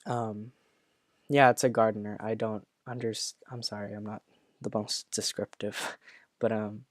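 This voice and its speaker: Young guy talking slow and halting, lots of ums, kinda choked up, flat voice, dry sound. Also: fairly low pitch, no room sound. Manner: halting, full of fillers and restarts, earnest. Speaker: former classmate sharing memories. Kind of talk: personal reflective talk.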